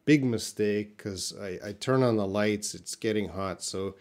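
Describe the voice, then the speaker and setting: A man's voice: fairly low pitch, measured pace, a little mellow. A man teaching English in a live lesson, explaining words patiently and reading viewers' comments.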